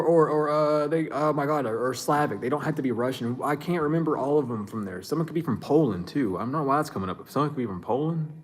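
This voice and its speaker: Chuckling man giving a casual psychic reading. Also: mid-range voice. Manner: loose, chuckling, slangy, thinks aloud with restarts. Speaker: psychic reader. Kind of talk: casual spiritual reading to viewers.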